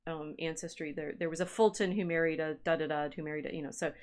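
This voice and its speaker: A woman's voice: low-pitched, fairly even intonation, quick pace, darkish tone. Woman musing over genealogy records. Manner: reads genealogy records aloud, musing and self-interrupting. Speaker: historian and livestream co-host. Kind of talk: casual livestream chat.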